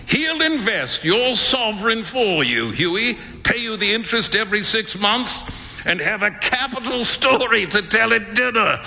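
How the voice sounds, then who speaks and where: A man doing a loud, teasing gentleman in a big hall. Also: high-pitched, lively intonation, normal speed, vocal fry, a little hiss or hum, voice pushed up, heavily acted. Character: boisterous, laughing young gentleman friend.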